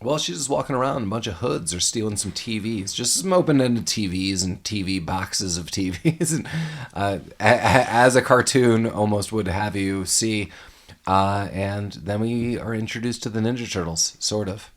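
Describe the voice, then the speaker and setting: A man's voice: fairly low pitch, normal speed. A man co-hosting a podcast, chatting casually about an old movie, laughing often and slipping into mock voices. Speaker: podcast co-host.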